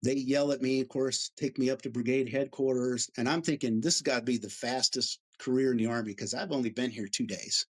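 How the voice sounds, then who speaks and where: Animated middle-aged male veteran storyteller. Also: mid-range voice, a little fast, hardly any pauses. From United States. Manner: animated storyteller, acts out quoted voices. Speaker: Army veteran guest. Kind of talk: casual storytelling interview.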